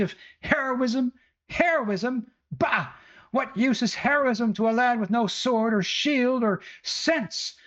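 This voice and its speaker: A man voicing an angry middle-aged mother who scolds in a high, rustic voice. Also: a bit bright, heavily acted. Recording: dull lo-fi audio.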